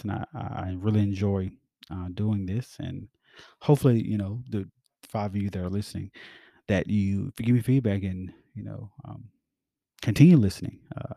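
Low gravelly male podcast host. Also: warm tone, dry recording, studio quality. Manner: rambling, frequent fillers and restarts, encouraging. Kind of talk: casual reflective monologue.

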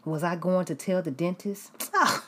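A woman preaching, telling a story in a lively way with frequent whispered asides. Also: lowish voice, moderate pace, slight background noise. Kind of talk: storytelling sermon.

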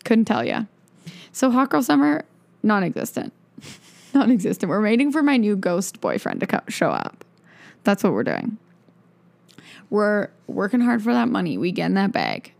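A woman's voice: medium pitch, wildly swooping pitch, moderate pace, creaky, long pauses, a little mellow, no room sound. A young adult woman hosting a podcast, talking in a rambling, sarcastic, chatty way and laughing often. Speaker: podcast host. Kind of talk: casual solo podcast chat.

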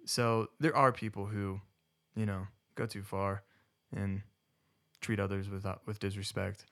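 A man's voice: fairly low pitch, flat delivery, a little slow, fairly bright tone. A man co-hosting a casual discussion who rambles, corrects himself mid-sentence and laughs often.

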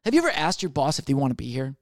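Rambling, profane young comedian. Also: male voice, medium pitch, wildly swooping pitch, no room sound, studio quality. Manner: rambling, profane, acts out quick voices. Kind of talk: casual comedic monologue.

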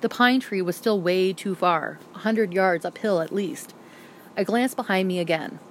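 A woman narrating a first-person novel aloud as an audiobook reader, with brisk and vivid storytelling. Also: medium pitch, a little hiss or hum.

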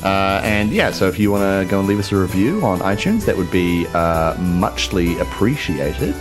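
A man's voice: low voice, animated, moderate pace. A man hosting a podcast outro in a casual, rambling way with many fillers. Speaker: podcast host. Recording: clear music bed behind.

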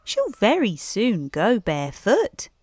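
A woman's voice: medium pitch, huge pitch swings, slow, a little mellow, heavily acted. A woman voicing a small, anxious, polite hedgehog washerwoman in a storybook, with eager-to-please chatter. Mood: chatty. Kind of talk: storybook character voice.

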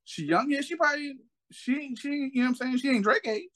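A man in casual podcast chat, telling stories with heavy slang and profanity and acting out quotes with big leaps in pitch. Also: fairly quick. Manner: animated storyteller, acts out quotes with big pitch jumps; heavy slang and profanity, repeats "you know what I'm saying".

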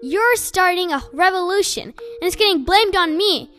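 A woman's voice: extremely high pitch, animated, moderate pace, a bit bright, voice pushed up. A woman reading an audiobook, voicing a teenage boy who rages and accuses his friend. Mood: furious. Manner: raging, accusing, sputtering.

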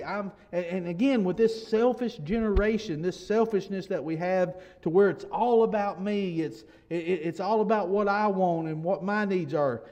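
High-voiced man preaching a sermon. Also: darkish tone. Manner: conversational, frequent restarts and "you know", rising to emphatic. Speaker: pastor.

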